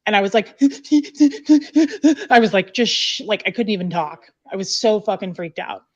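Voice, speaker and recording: A woman's voice: mid-range voice, fairly quick. Woman, candid storyteller, salty and blunt, muffled call audio. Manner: blunt, swears freely, many "like" fillers. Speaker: guest recounting her past.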